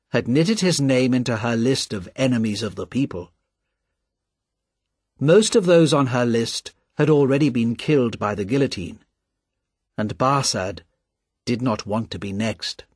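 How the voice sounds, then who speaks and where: Slow husky male storyteller. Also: medium pitch, dry recording, clean studio sound. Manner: slow, deliberate, expressive reading. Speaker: narrator. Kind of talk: scripted storybook narration.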